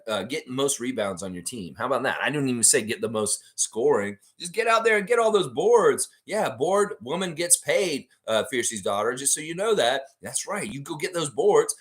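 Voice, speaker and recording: A man hosts a casual livestream, reading out viewer comments and rambling between them. His pitch swings widely as he talks, and he breaks into laughter often. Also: fairly bright tone. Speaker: livestream host.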